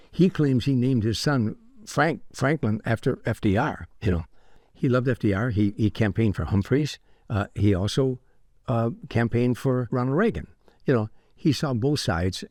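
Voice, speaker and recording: An older man, a comedian guest, telling anecdotes in an interview with lively restarts. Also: medium pitch, dry recording, clean studio sound. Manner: anecdotal, animated with repeated restarts. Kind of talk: storytelling interview.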